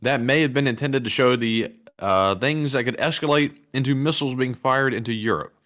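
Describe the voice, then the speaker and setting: A man's voice: mid-range voice, brisk, a bit bright. A man co-hosting a live stream, reading donation messages and adding dry jokes. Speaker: co-host. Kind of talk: casual chat reading donations.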